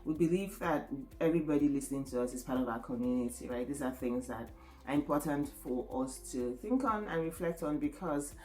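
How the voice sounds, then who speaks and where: A woman's voice: low voice, fairly quick, a little mellow, faint music behind. A woman co-hosting a podcast, talking in an earnest, reflective way and often checking in with "right?". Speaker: podcast co-host. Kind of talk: casual podcast chat. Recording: roomy echoey room.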